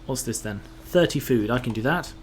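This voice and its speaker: Brisk and expressive, a medium-pitched male commentator mutters complaints and tosses out casual curses while gaming. It's loose talk directed at himself, and a light hiss of noise runs beneath it.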